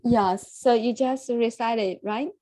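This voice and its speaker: Woman leading recitation practice, mellow voice. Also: a little high, no room sound, low-quality recording. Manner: warm praise, repeats words, some pauses. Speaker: English reading group leader.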